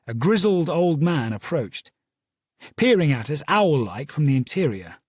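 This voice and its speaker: Husky-voiced male audiobook narrator. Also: a little high, no room sound, clean studio sound. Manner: steady, storytelling delivery. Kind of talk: first-person audiobook narration.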